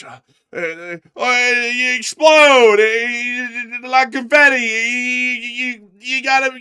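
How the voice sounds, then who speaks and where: A man doing a comedic impression of a confused elderly male politician who stammers, trails off and bursts out loudly. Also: very high voice, smooth, no room sound, clean studio sound, voice pushed up, full character voice.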